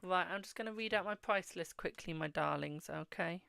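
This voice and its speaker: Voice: mid-range voice, normal speed, vocal fry, bright, forceful tone, a little hiss or hum. A host reading tarot on a live stream, answering viewers' questions, calling them "my darling" and murmuring while drawing cards. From England.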